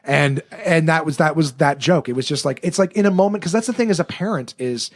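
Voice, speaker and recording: Fast-talking storytelling comedian, a man. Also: fairly high pitch. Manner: animated storyteller, swears freely, acts out quoted dialogue. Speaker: podcast guest and comedian. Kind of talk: casual podcast chat.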